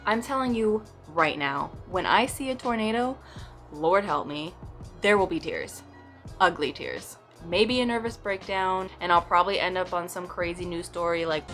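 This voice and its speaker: Animated and a bit bright, a fairly low female voice moves at a moderate pace as a young West Coast vlogger talks casually to camera. Her stories lean on comic exaggeration and playful quoted voices, with faint music underneath.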